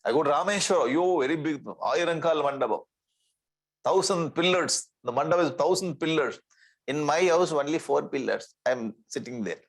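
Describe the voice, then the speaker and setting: A swami teaches scripture in a slightly husky, fairly high voice. He repeats Sanskrit terms and checks in with his listeners. He keeps the tone light with gentle humor. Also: lively intonation, moderate pace, low-quality recording. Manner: repeats Sanskrit terms, asks "okay?" often. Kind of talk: spiritual lecture.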